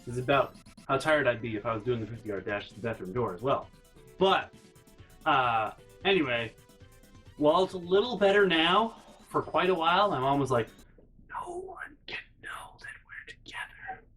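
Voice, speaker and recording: Sick and slightly breathless, a man hosting a vlog recounts a story, his incredulous, exasperated rant punctuated by repeated no's. His medium-pitched, fairly bright voice has lively intonation, a moderate pace, and long pauses, with soft music in the background.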